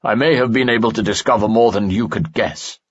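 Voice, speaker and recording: Man playing haughty older elf scholar, lecturing, low and husky, dull audiobook sound. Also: brisk, dry recording. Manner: condescending, lecturing.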